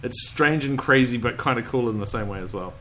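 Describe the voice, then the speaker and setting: A man's voice: mid-range voice, a little fast, pushed and bright, slight background noise. A man hosting a podcast, chatting casually and rambling, with loose swearing and frequent laughter. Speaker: podcast host. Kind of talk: casual chat.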